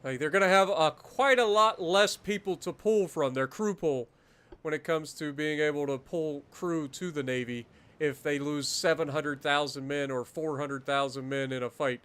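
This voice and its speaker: A man streaming a naval strategy game, commenting casually, swearing freely and bursting into loud disbelief at the battle results. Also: on the high side, moderate pace, clear, resonant tone. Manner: muttering calmly while managing menus.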